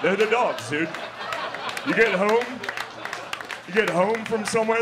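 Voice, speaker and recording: A male stand-up comedian talks through his set in a loose, crude, conversational way. His voice sits a little high for a man. Clear audience noise from the live club runs behind him. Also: lively intonation, a little slow, pauses often, a crowd in the background.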